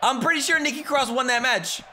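A man commentating his own wrestling video game playthrough, joking, shouting at the screen and laughing. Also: very high voice, fairly quick, slight background noise. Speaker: gameplay commentator. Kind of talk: excited gameplay commentary.

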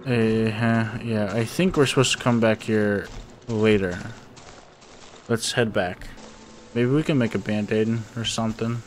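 A man's voice: on the low side, steady tone, a little slow, slight background noise. A young man giving rambling, nervous let's-play commentary to his viewers, often panicking and talking to himself. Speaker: gaming YouTuber.

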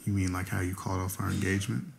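An actor playing a hurt ex-fiancé who swings from low, quiet words to cracking shouts. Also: male voice, completely flat delivery, rapid-fire, vocal fry, slight background noise. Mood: heated, wounded. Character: hurt ex-fiancé, proud and wounded. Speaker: jilted ex-fiancé. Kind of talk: romantic drama acting.

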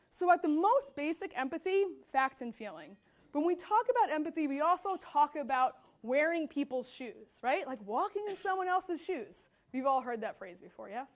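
A woman's voice: high-pitched, normal speed. A woman keynote speaker telling stories to an audience, acting out quoted voices and often saying "like". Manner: animated, acts out quotes with filler "like". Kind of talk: storytelling keynote talk.

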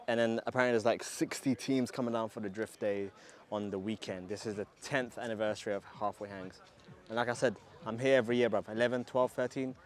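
A man vlogging at an outdoor car meet, talking in hyped, slang-heavy street talk while filming on a handheld camera. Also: medium pitch. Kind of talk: casual walkaround vlog. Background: faint outdoor noise.

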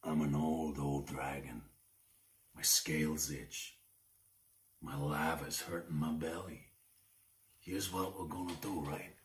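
A man with an Irish accent voicing an old, bad-tempered male dragon in a low, menacing growl, heard from some distance off the mic. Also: steady tone, slow pace, long pauses.

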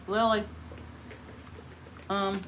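A woman's voice: medium pitch, level tone, drawn-out words, a bit bright. A woman hosting a casual eating livestream, chatting and giggling with viewers and a friend. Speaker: mukbang livestream host.

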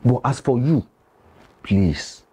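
An actor playing a grave, cautious male village elder with a Nigerian accent, who pleads slowly and speaks in proverbs. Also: mid-range voice, animated, dark tone, breathy edge. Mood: solemn.

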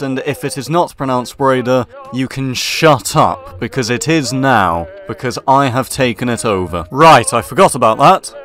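Gamer in mock-posh officer banter. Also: male voice, mid-range voice, a bit bright. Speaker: gaming commentator. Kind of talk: let's play commentary. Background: faint background music.

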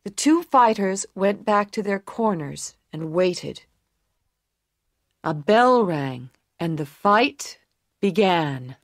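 A woman narrating a storybook for English learners. Her delivery is slow and carefully clear, with a medium pitch and an even reading pace throughout. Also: dry recording.

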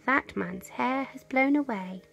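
Storybook bear cub, young and male, polite and earnest, gently spoken with a gravelly edge , as a woman puts him on. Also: high-pitched, measured pace, dull audio, faint music behind, voice pushed up, heavily acted.

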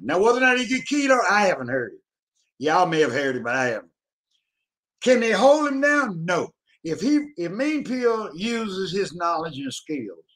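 A man talks as a show guest, boastful and profane. His voice sits high, and its pitch swings widely and lively. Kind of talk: casual chat about CB radio.

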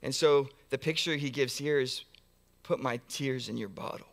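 A man's voice: medium pitch, moderate pace, creaky, a bit bright. A man pastor preaching a sermon in a church, earnest, building through long repeated phrases with frequent restarts. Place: church sanctuary.

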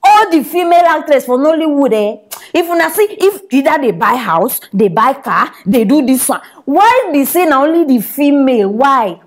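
A woman with a high voice delivers comedy gossip news in a Nigerian Pidgin accent. She teases and scolds her audience and laughs often as she talks. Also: sing-song, normal speed. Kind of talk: gossip commentary.

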